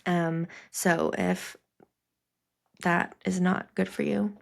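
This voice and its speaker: A woman's voice: fairly low pitch, steady tone, slow pace, vocal fry. A young woman hosting a podcast, telling personal memories in a rambling, casual way with many fillers. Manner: rambling, many fillers, laughing through tears. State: crying at times. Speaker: podcast host.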